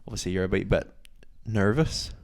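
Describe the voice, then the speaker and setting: Low-voiced young man chatting. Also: a little fast, slight background noise. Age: young adult. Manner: rambling, heavy use of "like". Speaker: podcast co-host. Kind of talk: casual chat.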